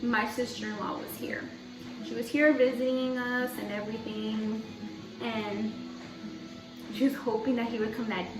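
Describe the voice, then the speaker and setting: Young woman vlogger, fairly high voice, chatty rambling storyteller; roomy echo, mic set back from her. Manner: chatty, rambling, heavy use of "like". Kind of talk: casual storytelling. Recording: echoey room, mic at a distance.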